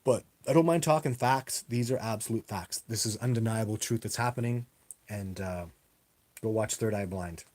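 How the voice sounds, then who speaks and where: A man's voice: lowish voice, moderate pace, darkish tone. A man talks straight into a webcam during a live stream, taking viewer questions one after another. He rambles and repeats himself for emphasis. It has the loose, casual feel of an online Q&A. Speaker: livestream host answering viewer questions. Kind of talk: casual livestream Q&A. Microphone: webcam on a live video stream.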